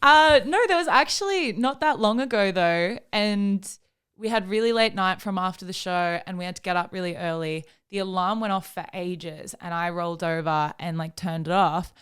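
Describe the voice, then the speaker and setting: A woman's voice: lowish voice, moderate pace, a bit bright, clear, resonant tone. A young woman, co-hosting a podcast in casual chat, telling stories full of "like" and casual swearing. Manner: chatty storytelling, lots of "like", swears casually. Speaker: podcast co-host.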